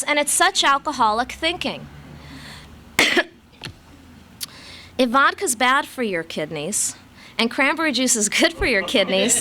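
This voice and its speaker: A woman's voice: high-pitched, pushed and bright, a little hiss or hum. A woman from Los Angeles telling her own story as a recovery meeting speaker, with wry, self-mocking humor. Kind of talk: personal storytelling talk to a live audience.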